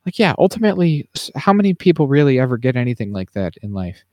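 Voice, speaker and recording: A man's voice: medium pitch, sing-song, quick pace, a little mellow, no echo, studio quality. A man co-hosting a podcast, musing about a film in a meandering, hedging way, thinking aloud as he goes. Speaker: podcast co-host. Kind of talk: casual movie discussion.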